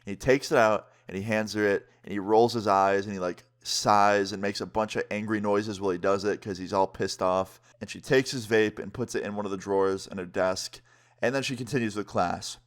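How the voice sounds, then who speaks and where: A young man vlogger telling a story in an animated, slangy way, swearing often. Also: on the low side, fairly quick. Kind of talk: casual storytime.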